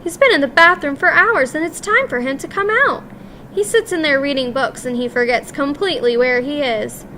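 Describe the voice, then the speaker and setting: A woman's voice: sits high, moderate pace, a little hiss or hum. A woman voicing a loving, worried old grandmother who speaks tenderly. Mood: sweet. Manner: warm, doting and tender.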